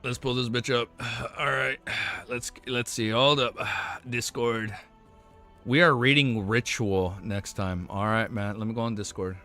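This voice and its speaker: A man's voice: medium pitch, fairly even intonation, measured pace, pushed and bright, faint music behind. A man streaming as he reads a novel aloud and reacts, stumbling and rereading lines, swearing casually, his voice getting worn.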